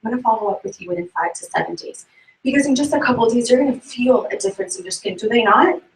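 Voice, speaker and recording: A woman giving a sales tip to a group in a brisk way, asking the audience questions as she goes. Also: on the high side, expressive. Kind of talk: motivational talk to a group. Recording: echoey room, mic far off.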